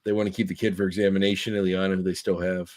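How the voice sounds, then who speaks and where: A man co-hosts a podcast and chats casually about a comic, his recap rambling with fillers and restarts as he reads quotes aloud. His voice is low and darkish, with little pitch movement, and he talks rapid-fire.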